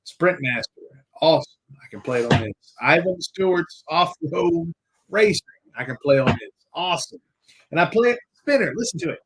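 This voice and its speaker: A man's voice: a little high, animated, moderate pace, noisy background. A man hosting a live podcast, chatting casually in a rambling, jokey way and swearing now and then. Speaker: podcast host. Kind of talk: casual live-stream chat.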